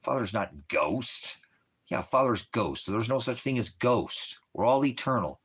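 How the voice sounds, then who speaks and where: A man's voice: mid-range voice, lively intonation, unhurried, slightly rough. A man who leads a ministry, talking to viewers in a casual livestream, rambling, profane and emphatic. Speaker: ministry leader.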